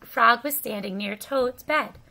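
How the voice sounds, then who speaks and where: Brief: female children's story reader, high pitch, unhurried and careful. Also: vocal fry, bright, forceful tone. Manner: slow, careful read-aloud for children. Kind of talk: children's story read-aloud.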